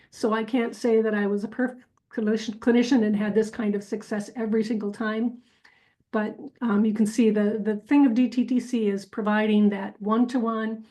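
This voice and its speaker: A woman's voice: medium pitch, mellow, poor audio. A woman speech clinician giving a conference talk, explaining the therapy clips she plays. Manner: explanatory, reflective. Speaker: speech-language clinician presenter.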